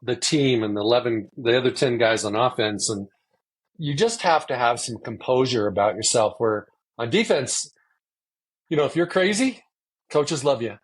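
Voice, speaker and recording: A man's voice: mid-range voice, expressive, moderate pace, slightly rough. A man hosting a podcast, asking long rambling questions in a casual interview. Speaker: podcast host.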